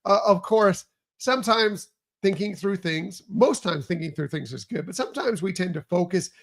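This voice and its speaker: A man's voice: high-pitched, lively intonation, normal speed, creaky, fairly bright tone. A man hosting a morning podcast in upbeat, rambling casual chat. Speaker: podcast host.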